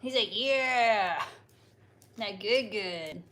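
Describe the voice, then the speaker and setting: A woman hosts a relaxed livestream at an unhurried pace, chatting, joking and coaxing her animals. Her voice sits at a middling pitch. Loud frying and sizzling fill her home kitchen. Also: very noisy. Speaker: livestream host. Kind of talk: casual livestream chat.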